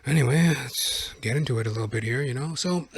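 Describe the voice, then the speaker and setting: A man's voice: medium pitch, fairly quick, breathy edge, no echo. A young adult man, a comedian hosting his own podcast, telling a comic story and acting out scenes with sudden screams.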